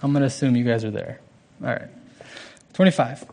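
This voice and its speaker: A young man giving an informal, earnest sermon, halting with restarts and fillers. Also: mid-range voice, gravelly, darkish tone.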